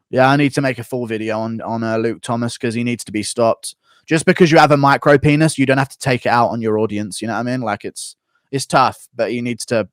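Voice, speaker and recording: A man's voice: medium pitch, no room sound, studio quality. An American man hosting a livestream who reads out donations and rants with lots of swearing. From United States. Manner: profane, opinionated ranting. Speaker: streamer host. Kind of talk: livestream commentary, reading donations.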